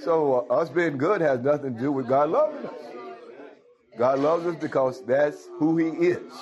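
A man's voice: on the high side, lively intonation, normal speed, darkish tone, dull audio, some chatter behind. A male pastor preaching a sermon, calling out to the congregation and chuckling as he goes. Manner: call-and-response, asks the congregation "Huh?" often, chuckles.

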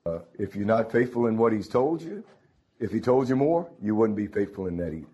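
A man's voice: fairly low pitch, expressive, a little fast, warm tone, slightly rough, lo-fi sound. A man preaching a sermon, calling out to his congregation. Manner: folksy, calls out to the congregation.

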